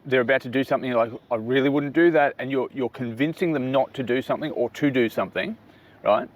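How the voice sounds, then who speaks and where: Man, middle-aged, medium pitch, casual advice talk, explains step by step, frequent "right?", faint vehicle noise behind. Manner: explanatory, keeps checking in with "right?". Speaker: father giving business advice.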